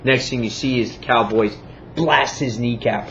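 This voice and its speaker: This man reviews a comic book casually, enthusiastic and rambling, with lots of fillers and acted-out quotes. His mid-range voice moves at a moderate pace and is a bit bright. The highs are cut off and there's slight background noise.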